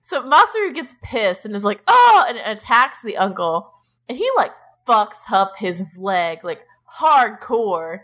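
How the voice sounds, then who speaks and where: A woman's voice: mid-range voice, unhurried. A young adult woman co-hosting a podcast, recapping casually with lots of "like", sarcastic asides and swearing. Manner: animated, frequent "like", sarcastic swearing. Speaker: podcast co-host.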